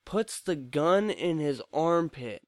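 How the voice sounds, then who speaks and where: A man's voice: a little high, expressive, takes it slowly, no room sound, studio quality. A young man co-hosting a casual movie review podcast, blunt and joking with constant swearing. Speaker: podcast co-host.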